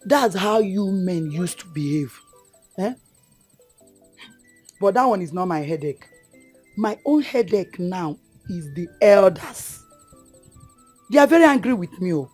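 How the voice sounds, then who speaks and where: A man's voice: high voice, lively intonation, measured pace, pauses often, darkish tone, slightly rough, soft background music, heavily acted. A man playing a worried broke groom. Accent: Nigerian. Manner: complaining, pidgin-laced.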